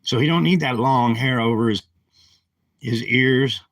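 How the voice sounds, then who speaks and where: A man's voice: medium pitch, measured pace, fairly bright tone, no room sound, poor audio. A man ranting angrily on a livestream, agitated and repetitive, talking into a handheld phone. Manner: agitated, ranting, repeats himself. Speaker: live streamer. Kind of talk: angry livestream rant.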